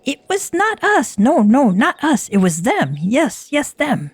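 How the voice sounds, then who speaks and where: A woman's voice: high voice, very animated, a little slow, no room sound, voice pushed up. A woman voicing a frantic captured kobold creature in a video game, babbling and repeating itself in panic.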